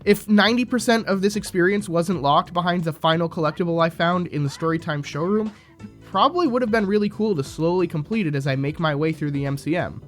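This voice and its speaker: A man's voice: high-pitched, quick pace. A man delivering scripted, critical video commentary in a sarcastic, opinionated manner. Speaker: video essayist. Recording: music bed underneath.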